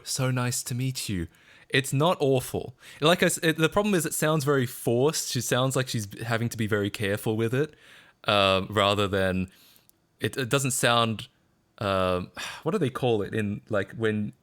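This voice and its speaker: A man's voice: on the low side, fairly bright tone. A man with an Australian accent streaming casual reaction commentary, rambling with frequent fillers, restarts and laughing asides.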